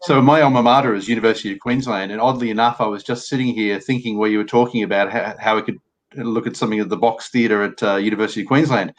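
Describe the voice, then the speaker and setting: A man's voice: on the low side, steady tone, fast talker, low-quality recording. A man hosting a casual interview, asking friendly questions. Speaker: podcast host.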